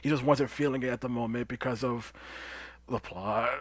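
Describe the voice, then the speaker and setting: A young man explaining game footage in casual chat, calm and teasing. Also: medium pitch, moderate pace, dry recording. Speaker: streamer showing footage.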